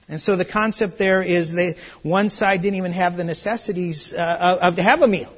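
Guy preaching a chatty sermon, high voice, goes quiet then loud, kinda dull lo-fi sound. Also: brisk, hardly any pauses. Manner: swings from soft and low to loud, high exclamations; conversational, with restarts and asides. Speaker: pastor. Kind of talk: expository sermon.

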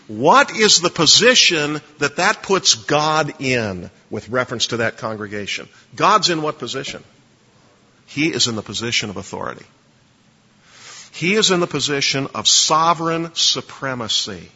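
Guy giving a lecture on preaching, bright husky voice, keeps asking the class to fill in blanks. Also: a little high, big pitch swings, normal speed. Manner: emphatic, quizzes listeners to fill blanks. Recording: dull lo-fi recording with long reverb.

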